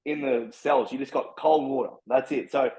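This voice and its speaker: A man's voice: medium pitch, fairly even intonation, darkish tone. A young Australian man, a personal trainer, telling his story in casual chat, blunt and full of swearing. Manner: blunt, heavy swearing, fast and driven. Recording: slightly dull lo-fi sound.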